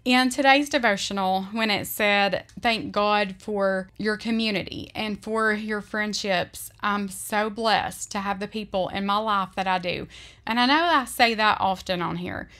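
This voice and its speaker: A woman vlogger talking earnestly about faith and friendship, speaking with heartfelt emotion and often slowing down to stress her words. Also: mid-range voice, fairly bright tone. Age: adult. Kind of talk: heartfelt faith-based vlog talk.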